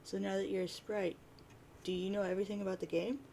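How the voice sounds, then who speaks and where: A woman doing a laid-back cool teen boy, flat and offhand, slight rasp. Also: medium pitch, fast, slight background noise, natural voice, low-quality recording. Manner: reading chat lines aloud in a near-plain voice.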